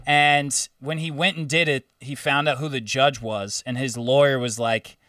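A man's voice: mid-range voice, fairly even intonation, moderate pace, few pauses, sharp tone, clear, resonant tone, no echo, distant mic. A young man chatting casually as a co-host, rambling through a story with loose, profane asides. The sound is dry with little room, and he sits a bit back from the mic. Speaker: podcast co-host. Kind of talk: casual chat.

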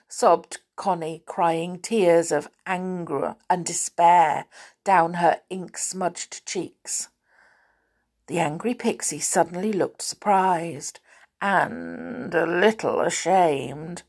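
A woman narrating a children's storybook aloud in an expressive, animated manner. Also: fairly low pitch, slow pace, creaky.

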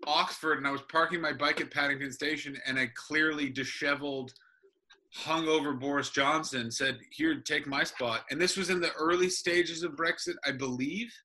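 A comedian talking casually over a video call, telling stories in an animated, self-interrupting way. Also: male voice, a little high, normal speed. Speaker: comedian guest.

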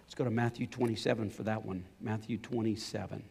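A middle-aged man preaching a sermon as a pastor, swinging from loud impassioned pleading to low, quiet storytelling. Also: steady tone, brisk, vocal fry, background noise. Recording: long hall reverb.

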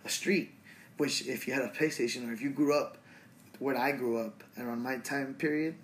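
A man's voice: mid-range voice, steady tone, normal speed, a little hiss or hum. A man in his twenties from Los Angeles, casually telling a rambling story full of fillers and swearing. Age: 20s. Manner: rambling, profane, lots of fillers and restarts.

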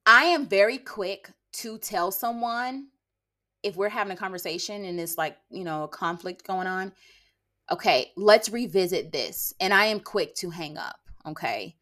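A woman's voice: medium pitch, sharp tone. A woman in her late twenties hosting a podcast, talking bluntly and sarcastically to her listeners and checking in with them with a pointed "okay?". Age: late 20s. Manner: blunt, sassy, lectures listeners with rhetorical "okay?"; sarcastic, quick bursts of laughter. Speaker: podcast host. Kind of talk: casual monologue podcast.

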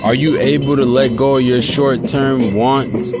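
Male podcast host, loose and profane monologue, rambling heated delivery, loud beat playing underneath. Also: mid-range voice, fairly even intonation, unhurried. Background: loud music beat.

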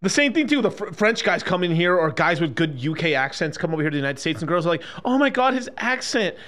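A man ranting casually on a stream, profane and animated, swinging between loud outbursts and low mutters. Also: fast.

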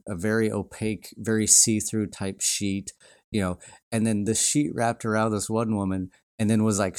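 Man, low voice, casual rambling podcast talk, lots of fillers, dry close sound. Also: darkish tone, no room sound. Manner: rambling, frequent fillers and restarts, laughs often. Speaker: podcast host. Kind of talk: casual reflective monologue.

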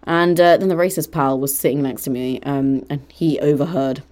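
A woman's voice: deep voice, normal speed. A young woman hosting her podcast from her bedroom, telling a story casually and acting out the people in it. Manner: animated, mimics others in quoted lines. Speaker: podcast host. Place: bedroom at home.

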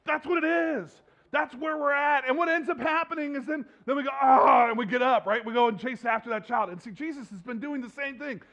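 A man preaching a sermon as pastor, animated and acting out playful voices, with rising exhortations. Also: very high voice, fairly quick, highs cut off.

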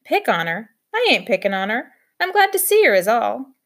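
A woman's voice: a little high, sing-song, normal speed, a bit bright. Storybook: woman reads a folksy elderly grandpa, drawling, kind under the teasing. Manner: drawling, homespun.

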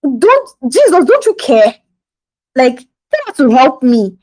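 A woman's voice: a little high, measured pace, darkish tone, husky, low-quality recording. A woman voicing a frustrated, indignant woman who accuses her guest of taking her sister's side, in an exasperated, accusing tone.

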